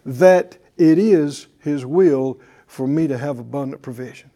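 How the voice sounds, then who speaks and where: A man's voice: mid-range voice, a little slow, warm tone. A male pastor preaching a sermon to a live congregation, with emphatic call-and-response delivery. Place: church before a live congregation.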